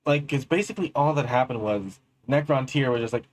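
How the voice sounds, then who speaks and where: A man's voice: medium pitch, brisk, hardly any pauses. A man hosting a reaction video, retelling lore in a rambling, crude, jokey way. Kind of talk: casual reaction commentary.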